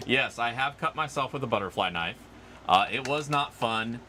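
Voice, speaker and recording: A man's voice: mid-range voice, lively intonation, normal speed, pushed and bright, a little hiss or hum. A man hosting a casual livestream outdoors, rambling and chatty as he answers viewer comments. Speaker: livestream host.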